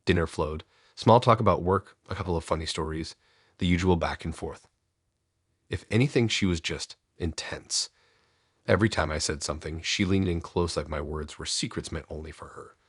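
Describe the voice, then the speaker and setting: A man narrating a first-person horror story in a low, measured, ominous storytelling voice. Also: slightly rough, no echo, studio quality.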